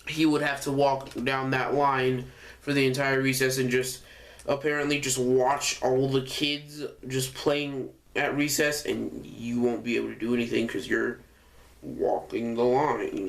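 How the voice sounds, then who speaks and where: A man's voice: medium pitch, vocal fry. A young man telling a casual storytime, rambling and correcting himself often with lots of fillers. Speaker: vlogger.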